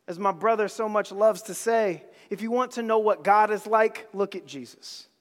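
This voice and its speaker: A man's voice: extremely high pitch, long reverb tail. A man preaching a sermon, with emphatic repetition and casual slang.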